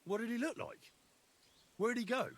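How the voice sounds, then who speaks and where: A man's voice: extremely high pitch, moderate pace, a bit bright. An actor playing an earnest, questioning young male adventurer in a video game.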